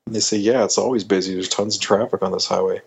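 A man's voice: fairly low pitch, fairly even intonation, fast, gravelly, breathy edge. A middle-aged Canadian man, a podcast guest, telling a story animatedly, acting out quoted voices with many restarts.

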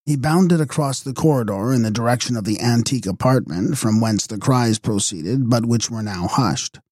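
A man narrating a gothic novel as an audiobook with a steady, measured reading. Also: medium pitch, dry recording, clean studio sound.

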